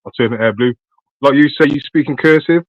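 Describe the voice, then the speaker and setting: A man's voice: medium pitch, a little fast, no echo, dull audio. Swearing British man on a call line. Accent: British English. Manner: slangy, swearing, hesitant with many ums. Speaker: caller. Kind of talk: casual call-in chat.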